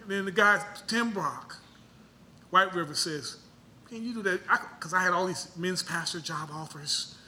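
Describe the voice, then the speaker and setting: A man preaching a sermon as pastor, asking rhetorical questions and breaking into loud high bursts. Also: a little slow, slight background noise.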